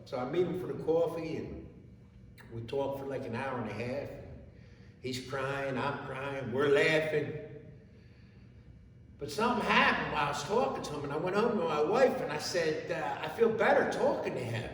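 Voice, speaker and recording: Middle-aged Gold Star father, halting testimony, reverb-heavy distant hall sound with faint ambience. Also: fairly high pitch, lively intonation, fairly bright tone, a little hiss or hum. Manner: plain-spoken, halting, repeats words and restarts. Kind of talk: emotional personal testimony to an audience.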